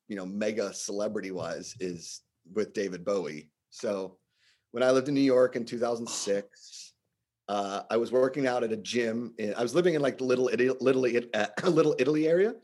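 A man telling stories in casual podcast chat, animated, acting out quotes in shifting voices. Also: mid-range voice, normal speed.

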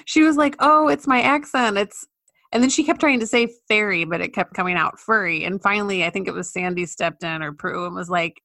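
A woman co-hosting a podcast, telling stories in a relaxed, casual way with fillers. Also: on the low side, a little fast. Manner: relaxed storytelling, trailing off, filler words. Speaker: podcast co-host. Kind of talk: casual chat.

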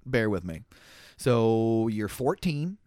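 A man's voice: lowish voice, very animated, slow pace, darkish tone, no room sound, clean studio sound. A man in his thirties from Minnesota hosting a podcast, chatty and playful with easy laughs. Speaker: podcast host. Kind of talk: casual chat.

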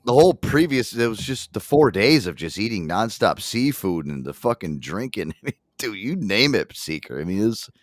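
A man with a low, lively voice tells a crude road-trip story on a casual podcast. He swears freely and breaks into loud laughter, and the dry, close sound has no room echo at all. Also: normal speed, few pauses. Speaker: co-host.

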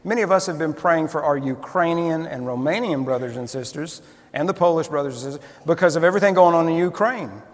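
Storytelling pastor in an echoey church. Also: male voice, fairly high pitch, fast talker. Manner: conversational storytelling, frequent restarts. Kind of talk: sermon.

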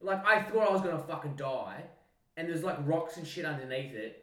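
An Australian man and podcast co-host telling an animated, sweary story in casual chat. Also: fairly high pitch, a little fast, recorded from a distance. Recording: roomy sound, mic set back.

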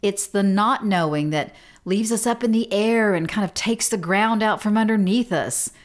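A middle-aged woman hosting a podcast, telling a story in a casual, animated, self-deprecating way with frequent laughs. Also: medium pitch, normal speed. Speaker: podcast host.

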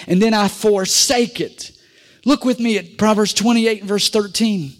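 Steady in tone and unhurried, a middle-aged male pastor with a high-sitting voice delivers his sermon. He calls for amens and shifts between loud pushes and quiet asides.

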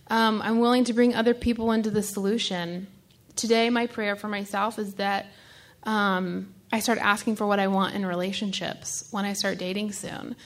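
A woman giving a halting, emotional personal testimony as a speaker at a recovery meeting, full of fillers and restarts. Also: medium pitch.

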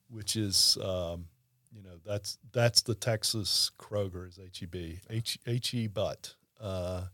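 A man hosting a casual podcast chat, telling rambling stories with lively asides. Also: on the low side, dry recording, clean studio sound. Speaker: podcast host.

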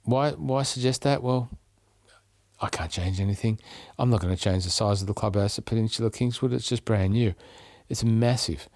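Australian male podcast host, low-pitched, dry close sound, upbeat storyteller. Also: normal speed, a little mellow, dry recording. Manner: chatty storyteller, upbeat, restarts mid-phrase. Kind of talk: casual travel chat.

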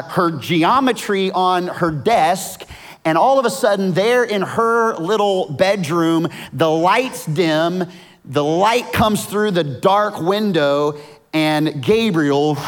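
A man preaching a sermon as casual, vivid storytelling with slang. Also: high voice. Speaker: pastor.

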